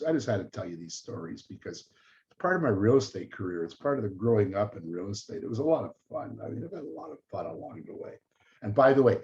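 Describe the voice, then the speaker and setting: Older man telling lively stories. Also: on the low side, a little hiss or hum. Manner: animated, acts out quoted voices. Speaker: real estate storyteller. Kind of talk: casual storytelling monologue. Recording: dull lo-fi audio.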